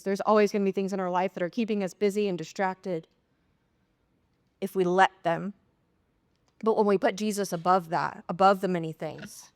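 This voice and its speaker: A woman's voice: fairly bright tone, no room sound. A woman pastor preaching a sermon in a conversational way, acting out little dialogues. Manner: conversational, acts out dialogue with rising pitch. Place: church sanctuary.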